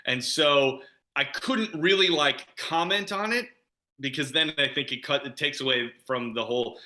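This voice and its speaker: A man's voice: on the high side, normal speed, sharp tone. A man being interviewed as an actor guest over a video call, chatting casually with frequent laughs and "you know" fillers. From Chicago.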